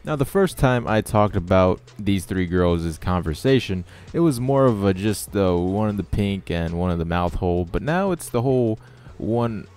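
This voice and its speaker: A man's voice: low-pitched, expressive, normal speed, few pauses, darkish tone, faint music behind. Sarcastic young man ranting. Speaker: channel host. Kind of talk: storytelling over gameplay.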